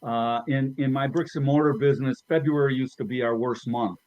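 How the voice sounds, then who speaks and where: A man marketing consultant on a casual panel, telling a story in a measured way. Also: mid-range voice, fairly even intonation, a little mellow, dry recording. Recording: dry, dull lo-fi audio.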